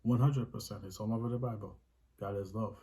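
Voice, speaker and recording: A man's voice: lowish voice, steady tone, fairly quick, mellow, poor audio. A man hosting a question-and-answer video on faith, talking earnestly and repeating phrases for emphasis. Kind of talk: casual spoken religious Q&A.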